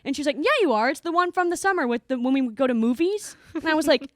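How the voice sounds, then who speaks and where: A brisk, high-sitting voice belongs to a woman in her twenties who co-hosts a podcast. She tells stories in casual conversation, animatedly acting out the voices of the people she quotes. The studio-quality recording has no room sound.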